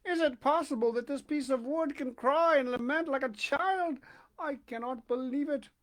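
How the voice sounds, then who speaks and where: A man's voice: high-pitched, animated, moderate pace. A man voicing a frightened old carpenter who stutters and trembles, in a storybook reading.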